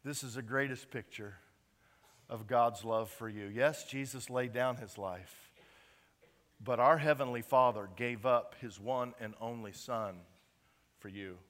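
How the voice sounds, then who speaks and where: Male preacher, unhurried delivery, builds from hushed appeals to ringing emphasis. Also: medium pitch. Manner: emphatic preaching, swinging from quiet to loud. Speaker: pastor. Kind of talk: sermon.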